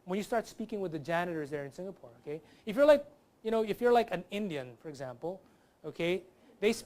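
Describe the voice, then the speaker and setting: A man's voice: high voice, fast. A man, a comedian guest on a talk show, telling a lighthearted stand-up bit. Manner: lively, does accent impressions.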